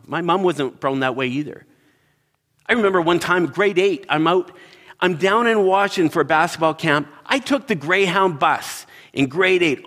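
A man's voice: fairly high pitch, long reverb tail. A middle-aged man preaching in a church, telling personal stories and acting out the voices in them. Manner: animated storyteller acting out quotes. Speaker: pastor. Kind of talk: sermon storytelling.

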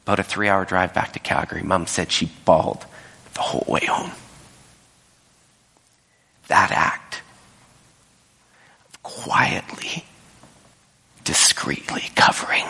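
A man's voice: steady tone, takes it slowly, creaky, long pauses, pushed and bright, husky. Man preaching in an echoey hall. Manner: storytelling, drops to whispers and rises high when quoting others. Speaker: pastor. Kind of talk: sermon. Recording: echoey hall with long reverb.

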